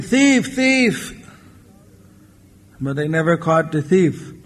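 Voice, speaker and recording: A man tells a moral tale in a deliberate, very slow sermon, with a voice pitched a bit high for a man. He acts out the characters as he goes. The sound is an old 1994 lecture tape with a long, ringing hall echo. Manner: unhurried storyteller who acts out the characters. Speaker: spiritual lecturer. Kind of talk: storytelling sermon.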